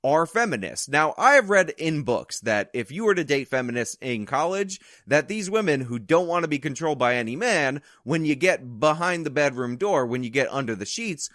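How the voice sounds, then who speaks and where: Sarcastic male commentary host, lively pitch. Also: moderate pace, few pauses, no room sound, clean studio sound. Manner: sarcastic, mocking asides. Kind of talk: opinion commentary.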